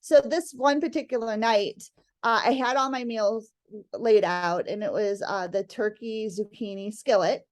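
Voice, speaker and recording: A middle-aged woman, a guest, telling a family story in casual chat, animated and laughing often, acting out what her family said. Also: fairly high pitch, unhurried.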